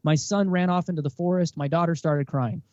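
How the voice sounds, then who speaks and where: A man's voice: on the high side, fairly quick, highs cut off. A man in his thirties, a podcast guest telling candid stories and acting out bits of dialogue. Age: 30s. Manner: animated storytelling, acts out dialogue. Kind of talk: candid interview talk.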